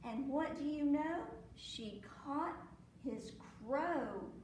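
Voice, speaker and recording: A woman reads a picture book to children, lively and full of acted sneezes and animal noises. Her voice is high and her pace slow and deliberate. The mic sits some way off in an echoey library room, with a faint hum behind her. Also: recorded from a distance. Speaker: librarian reading at storytime. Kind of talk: children's storytime read-aloud.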